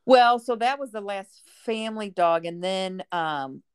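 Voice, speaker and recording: A woman's voice: medium pitch, lively intonation, unhurried, clean tone, no echo, clean studio sound. A middle-aged woman chatting casually as a guest, rambling with lots of fillers. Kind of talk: casual chat.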